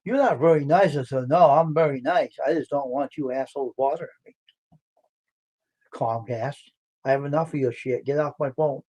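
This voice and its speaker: A man telling stories on a casual livestream, blunt and gruff, swearing freely. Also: mid-range voice, moderate pace, a little mellow. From Brockton, Massachusetts. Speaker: livestream host.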